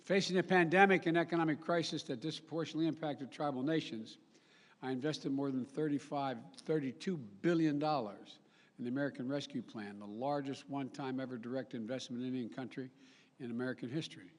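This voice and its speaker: Older male politician, mid-pitched, rambling formal speech, live in a reverberant hall. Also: fairly even intonation, fairly quick. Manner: rambling, self-correcting, folksy asides. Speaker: head of state giving a speech. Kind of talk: formal public speech with ad-libs.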